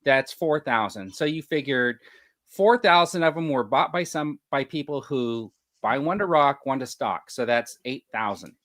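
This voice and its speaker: A man's voice: mid-range voice, expressive, moderate pace, a bit bright, dry recording, studio quality. A man co-hosting a casual panel podcast, rambling as he works numbers out aloud and laughing often. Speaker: podcast co-host.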